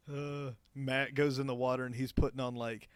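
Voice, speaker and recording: A man's voice: medium pitch, clear, resonant tone, no room sound. A young man co-hosting a podcast, casually telling a work anecdote with lots of swearing and laughter. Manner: laid-back, profane, laughing through anecdotes. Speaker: podcast co-host. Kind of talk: casual storytelling chat.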